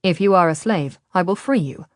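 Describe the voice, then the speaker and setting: A woman voicing a quiet, coaxing Ottoman nobleman. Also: on the low side, normal speed, no room sound, studio quality, lightly acted. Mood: coaxing, ominous. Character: smooth persuasive Ottoman nobleman, adult man.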